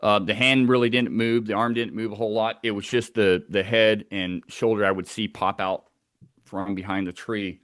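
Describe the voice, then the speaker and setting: Low-voiced man telling a tense story. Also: level tone, normal speed, fairly bright tone, no echo, clean studio sound. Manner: tense, vivid storytelling that acts out sounds. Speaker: eyewitness telling of a wilderness encounter. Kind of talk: first-person storytelling.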